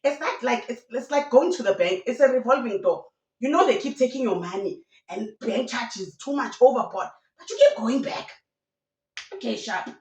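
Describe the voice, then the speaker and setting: A YouTube commentator with a fairly high voice chats about gossip at a moderate pace, animated and sprinkling in local slang. She sits some distance from the mic, so the recording sounds roomy with a noticeable echo.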